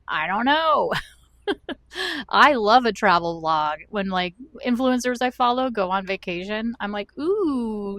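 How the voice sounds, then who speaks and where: A woman's voice: medium pitch, a bit bright, dry recording. Woman, thirties, from the american south, chatty self-deprecating vlogger, rambling, dry close mic. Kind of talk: chatty talk-to-camera vlog. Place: at home.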